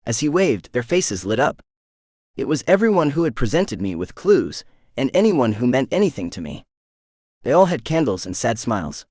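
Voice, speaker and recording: A man narrating a first-person romance audiobook in an expressive, animated way. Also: mid-range voice, moderate pace, no room sound, studio quality.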